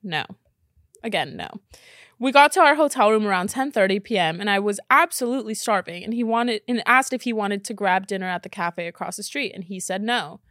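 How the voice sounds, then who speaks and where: A woman hosting a podcast in casual reaction chat, blunt and expressive, swearing casually. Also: mid-range voice, a little fast, no room sound, clean studio sound. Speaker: podcast host.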